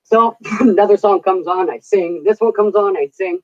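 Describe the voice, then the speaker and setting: A woman's voice: medium pitch, moderate pace, mellow, lo-fi sound. A middle-aged woman telling stories in casual chat, chatty, laughing often and swearing casually. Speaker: vlogger.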